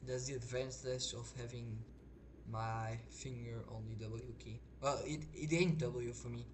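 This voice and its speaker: Unhurried and steady in tone, this medium-pitched gaming streamer from Belgium chats casually in English, not his native language, over gameplay. He rambles and hesitates, often restarting, and the home mic recording is noisy.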